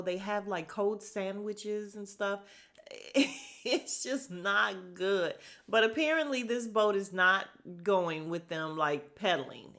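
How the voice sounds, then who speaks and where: A woman hosting a casual recap podcast, talking in a chatty, sassy way. She drops into short mimicking asides and keeps a loose, conversational flow. Her voice sits at a middling pitch for a woman. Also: fairly bright tone. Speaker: podcast host recapping a reality show.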